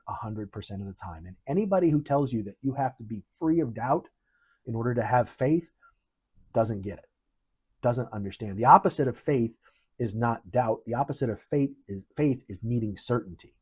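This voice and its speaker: This mid-range, brisk voice carries a slight roughness. He's a pastor delivering an earnest sermon in a conversational style, driving home important words with lively force.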